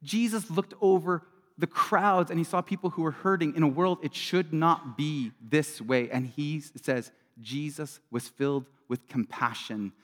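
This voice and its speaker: A middle-aged man preaching a sermon as a pastor, talking earnestly and conversationally, swinging between loud bursts and quiet drops. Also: on the high side, unhurried. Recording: long reverb of a large hall.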